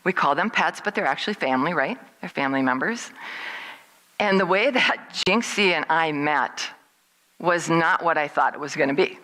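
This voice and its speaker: At a service, a middle-aged woman shares a personal story with liveliness, acting out people's lines through big pitch jumps. She talks at a normal speed, and the recording quality is low.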